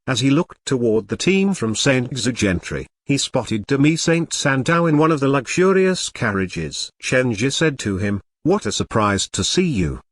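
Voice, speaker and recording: A man's voice: mid-range voice, no room sound. Man narrating a web novel, dry sound.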